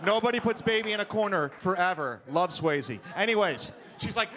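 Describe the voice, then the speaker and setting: A man telling a stand-up story on a comedy club stage in a deadpan storytelling way, acting out quotes. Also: on the high side, fast talker, few pauses. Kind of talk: stand-up set. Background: audience laughter.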